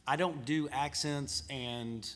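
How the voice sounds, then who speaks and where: A man's voice: medium pitch, steady tone, takes it slowly, a bit bright. A man with a Southern American accent chatting on a panel in a laid-back, self-deprecating way. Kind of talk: casual panel discussion. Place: conference panel room.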